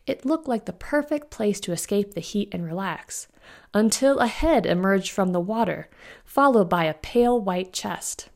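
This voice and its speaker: Gravelly-voiced woman reading a novella. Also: mid-range voice, animated, normal speed, a little mellow. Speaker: author reading her own novella. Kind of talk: audiobook-style fiction narration.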